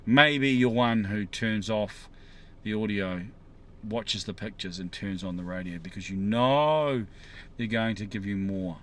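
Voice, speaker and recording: A man's voice: fairly low pitch, measured pace, slight background noise. Man, casual vlogger, rambling musing monologue, parked car by the roadside. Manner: musing, rambling, asks viewers questions.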